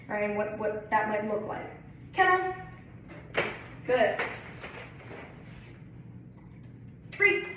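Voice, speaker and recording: A fairly high-voiced woman talks through a dog training session in a loose, casual way, checking in with "right?" and "okay?" as she goes. She sounds far from the mic, in a heavily echoing room with a faint hiss behind her. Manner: explains plainly, repeats "right?" and "okay?" checks.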